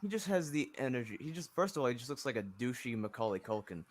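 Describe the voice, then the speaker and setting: A man's voice: mid-range voice, big pitch swings, fast. A man co-hosting a stream, ranting and mocking in casual profane chat. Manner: mocking, ranting, swearing a lot. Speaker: stream co-host.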